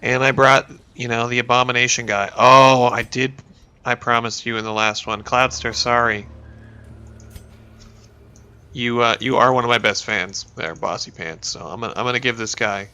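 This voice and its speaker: A man's voice: medium pitch, fairly even intonation, moderate pace, pushed and bright, smooth. A man in his thirties with a sniffly cold, chatting casually and rambling as he plays a video game and talks to his characters. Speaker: gaming YouTuber and teacher. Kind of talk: let's play commentary.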